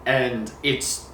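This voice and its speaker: A man's voice: mid-range voice, pushed and bright, far from the mic, a little hiss or hum. A man chatting casually in a vlog while recovering from surgery, rambling, swearing and joking at himself. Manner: rambling, profane and self-mocking, laughs often. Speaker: vlogger. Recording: roomy sound, away from the mic, faint ambience.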